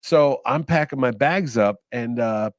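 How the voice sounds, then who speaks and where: Animated male podcast storyteller. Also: mid-range voice, unhurried, no echo, clean studio sound. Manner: animated, acts out quoted voices. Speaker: guest, convention organizer.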